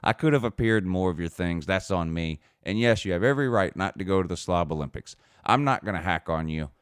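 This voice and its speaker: A man's voice: low-pitched, lively intonation, brisk, clean tone, dry recording, clean studio sound. A man hosting a casual show, reading viewer comments aloud in a mocking tone and often laughing. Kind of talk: casual chat.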